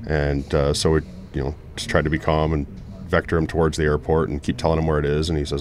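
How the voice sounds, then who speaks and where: A man's voice: rumbling low, little pitch movement, fast. A middle-aged man, an air traffic controller, telling stories earnestly in a casual panel talk. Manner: earnest, storytelling with many restarts.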